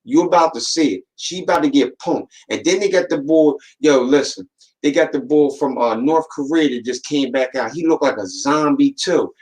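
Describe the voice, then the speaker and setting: Slangy man hosting a podcast, slightly high voice. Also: moderate pace, darkish tone, poor audio. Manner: slangy, streetwise storytelling that acts out quoted voices; warns and urges listeners with repeated "man" and "watch". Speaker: podcast host. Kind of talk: casual podcast monologue.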